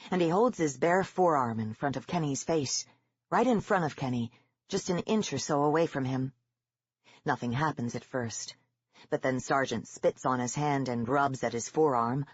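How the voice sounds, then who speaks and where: An audiobook narrator reading a horror novel in a measured, even storytelling manner, in a slightly dull lo-fi recording. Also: medium pitch, husky, no room sound.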